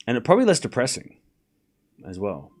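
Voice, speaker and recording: A young man hosting a live tennis watchalong stream, chatting casually and excitedly repeating the score as points are played. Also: mid-range voice, fairly quick. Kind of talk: live casual play-by-play commentary.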